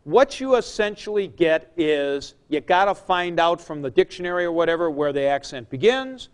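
A man teaching a class, explaining slowly with fillers and "okay?" checks to the students. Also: a little high, clean tone. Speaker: Greek teacher. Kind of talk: classroom lecture.

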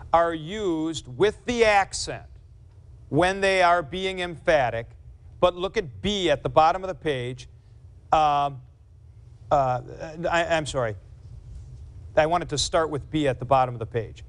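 A man's voice: a little high, fairly bright tone. A man teaching a grammar class in a lecture, who explains carefully, repeats key points and corrects himself. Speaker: Greek teacher.

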